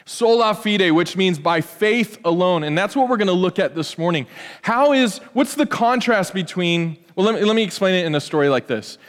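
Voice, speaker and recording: A man's voice: high-pitched, expressive, normal speed, long reverb tail. A man preaching an earnest, conversational sermon with frequent restarts. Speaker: pastor.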